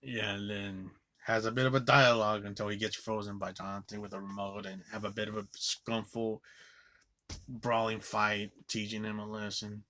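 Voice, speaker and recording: A man's voice: lowish voice, level tone, normal speed, sharp tone. A man giving a loose, rambling movie recap, swearing casually as he goes. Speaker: movie reviewer.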